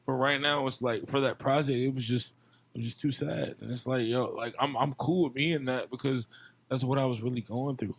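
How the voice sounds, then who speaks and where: A man's voice: medium pitch, steady tone, fairly quick. Passionate young man from Virginia, swearing. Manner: passionate, heavy swearing, repeats himself. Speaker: podcast guest, musician. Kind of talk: casual chat.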